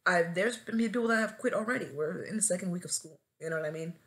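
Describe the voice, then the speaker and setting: Talking fast in a voice on the low side, a twentysomething new teacher hosts her own podcast alone in casual chat. For laughs she turns dramatic, bursting into comic wailing and shouting.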